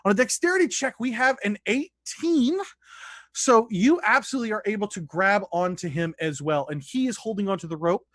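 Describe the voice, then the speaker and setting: A man's voice: sits high, animated, a little fast, a bit bright, no room sound, clean studio sound. A man running a tabletop game as dungeon master, narrating loosely with restarts. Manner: loose, conversational rulings with restarts.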